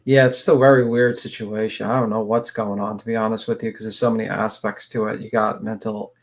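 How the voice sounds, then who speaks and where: A man's voice: on the low side, flat delivery, brisk, vocal fry. A man co-hosting a casual true-crime chat, talking in a rambling way with many fillers. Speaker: co-host.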